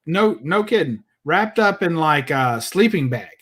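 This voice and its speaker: A man's voice: on the high side, big pitch swings, unhurried, fairly bright tone, slightly rough. A man telling a long, rambling story in casual chat, full of fillers, acting out the people in it. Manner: rambling, filler-heavy, acts out quotes. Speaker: podcast host telling a story.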